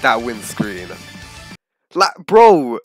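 Excitable young man reacting. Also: mid-range voice, extremely slow, music in the background. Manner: excitable, bursts into shouting and laughter, slangy. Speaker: YouTube reaction host. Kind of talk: casual reaction commentary.

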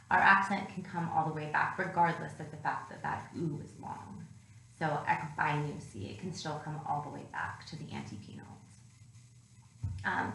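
A woman's voice: low voice, fairly bright tone. A woman teacher giving a recorded grammar lesson, explaining patiently step by step. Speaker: Greek teacher. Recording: echoey room with faint noise.

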